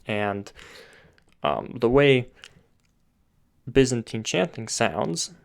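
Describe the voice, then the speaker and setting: A man's voice: medium pitch, lively intonation, very slow, gravelly. A man giving an online voice lesson, explaining patiently step by step with occasional filler words. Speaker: voice teacher.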